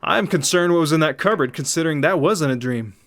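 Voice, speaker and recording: A man's voice: on the high side, expressive, a little fast, soft background music. A young man hosting a gaming channel, reading horror game text aloud dramatically and reacting in asides. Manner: reads narration dramatically, then reacts in asides.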